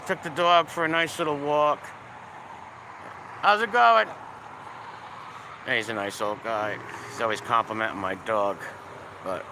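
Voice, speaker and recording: A middle-aged man from Providence with a Rhode Island accent, chatting casually with viewers while walking his dog on a city street. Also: fairly high pitch. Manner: rambling, profane, bouncing between greetings and rants. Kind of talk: casual livestream chat with viewers. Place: city street with passing cars. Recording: faint street traffic noise.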